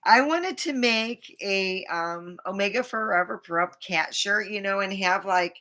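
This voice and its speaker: A woman's voice: medium pitch, a little slow, sharp tone. A middle-aged woman vlogging in a meandering casual monologue, full of fillers and frequent laughter.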